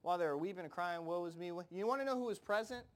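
A man's voice: high voice, expressive, very fast. A man preaching a sermon in a conversational way, acting out Bible characters in casual voices and often repeating himself. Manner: repeats words and phrases, frequent fillers.

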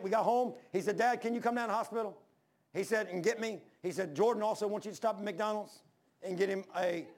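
Gravelly high-voiced older preacher. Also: male voice. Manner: animated, acts out the voices in his stories. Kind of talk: storytelling sermon.

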